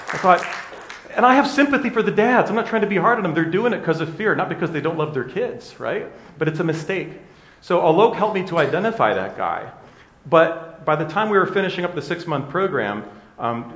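A man's voice: on the high side, a bit bright. A middle-aged man, a hypnotherapist, giving a candid, conversational motivational talk and often checking in with his listeners. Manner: candid, conversational, with frequent tag questions. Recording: echoey room.

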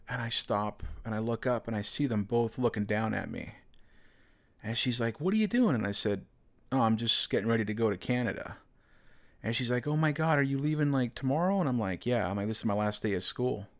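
A man hosting a podcast, telling a personal story in a casual, rambling way, full of fillers. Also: fairly low pitch. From United States. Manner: rambling, heavy use of "you know" and "man". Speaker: podcast host.

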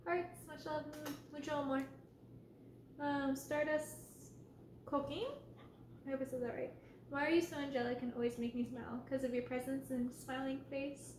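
Soft-spoken woman with a high voice, chatty ASMR host running a casual Q&A, recorded in an echoey room. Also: level tone, normal speed, slight background noise. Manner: soft-spoken, reads out viewer names and questions, scolds her cat. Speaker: ASMR creator answering viewer questions. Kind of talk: casual livestream Q&A chat.

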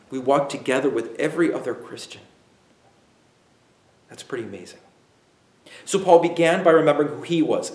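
Emphatic preaching man in an echoey room. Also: a little high. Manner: emphatic preaching, dramatic pauses and acted-out asides. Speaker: pastor. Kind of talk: sermon.

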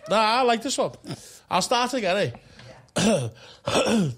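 A man's voice: high voice, very animated, unhurried, fairly bright tone, breathy edge. A man co-hosting a comedy podcast, laughing and teasing, hamming up a love poem read aloud. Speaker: podcast co-host. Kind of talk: casual comedy banter. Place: green room of a comedy club.

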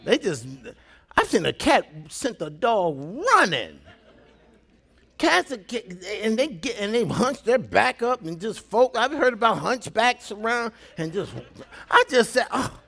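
Animated high-voiced male pastor preaching. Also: measured pace, creaky. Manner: animated preaching with dramatic hushed drops; storytelling with laughing asides. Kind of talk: sermon.

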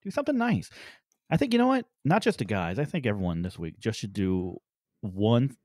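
Low-voiced man rambling in casual chat. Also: big pitch swings, brisk, a little mellow, no echo, studio quality. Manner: playful, rambling, filler-heavy. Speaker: podcast co-host.

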